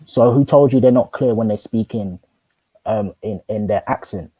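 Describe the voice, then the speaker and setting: A man's voice: lowish voice, normal speed, dark tone, husky, dry recording, rough recording. A man arguing in a casual debate, probing with questions and stumbling through many restarts. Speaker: host.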